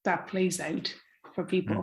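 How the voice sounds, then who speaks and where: A woman's voice: fairly low pitch, fairly even intonation, unhurried. A woman from Ireland, a comics author who is a guest on an interview and talks in a chatty way, with phrases that trail off and easy laughter. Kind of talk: casual conversation.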